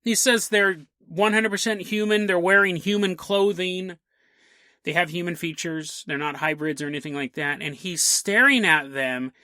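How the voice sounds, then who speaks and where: A man's voice: high voice, sharp tone, no room sound, clean studio sound. A man hosting a podcast, telling a strange story in a casual way with frequent laughs and jokey asides. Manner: laughs often, jokey asides, voices quick characters. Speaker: podcast host.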